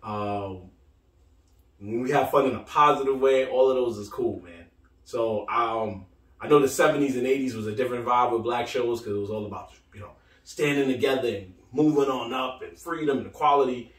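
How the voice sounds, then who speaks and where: A man's voice: medium pitch, moderate pace. A man co-hosting a podcast, telling stories with lots of laughter and acted-out voices. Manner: animated storyteller, acts out voices, laughs often. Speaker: podcast co-host. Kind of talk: casual chat. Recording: roomy echo, mic from a distance.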